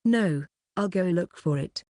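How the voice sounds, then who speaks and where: A woman narrator plays a teenage schoolgirl near tears who speaks in panicked, pleading fragments. Her voice is low-set for a girl and recorded dry. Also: expressive, unhurried, warm tone, dry recording. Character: distraught teenage schoolgirl who lost a keepsake.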